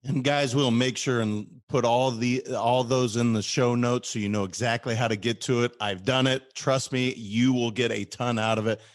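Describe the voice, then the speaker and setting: A man's voice: medium pitch, steady tone, normal speed, hardly any pauses. A man hosting a podcast with a mid-range voice, thanking his guest and speaking straight to his listeners. His delivery is eager and upbeat. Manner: enthusiastic, addresses listeners as "guys". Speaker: podcast host. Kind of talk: podcast interview.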